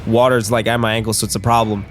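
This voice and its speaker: A man's voice: on the low side, level tone, quick pace, slight background noise. Laughing, swearing podcast co-host man. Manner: swearing, laughing, acting out a silly fight. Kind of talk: improvised storytelling, casual chat.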